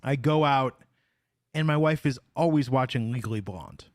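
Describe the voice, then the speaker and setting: A man's voice: medium pitch, normal speed, no echo. A man hosting a podcast in casual chat, telling stories with wry, dry humor. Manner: wry storytelling, dry jokes. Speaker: podcast host.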